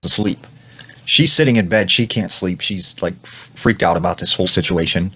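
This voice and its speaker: Low-voiced man telling a creepy story. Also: moderate pace, bright, forceful tone, breathy edge. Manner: retells with lots of "like" and acted quotes. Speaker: storyteller in clip. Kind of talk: casual storytelling.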